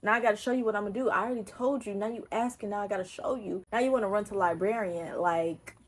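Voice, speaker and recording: A young woman vlogger from Texas tells an animated, emphatic, profane storytime in casual talk. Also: medium pitch, fast talker.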